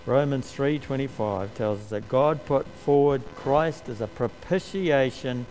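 A man preaching a sermon, slow and emphatic, lifting his voice to stress key words. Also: medium pitch, darkish tone, slight background noise, low-quality recording.

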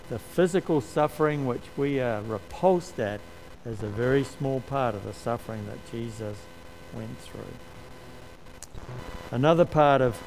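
Aussie guy preaching a sermon, slow and deliberate, punches key words, faint traffic behind. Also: medium pitch, darkish tone, low-quality recording. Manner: slow, emphatic, rises to stress key words.

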